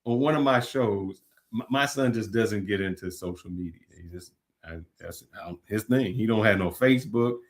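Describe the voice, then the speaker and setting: A man's voice: fairly low pitch, moderate pace. A man co-hosting a casual live talk stream, talking animatedly and cursing as he scrolls through comments. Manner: animated, laughing, profane, scrolling while talking.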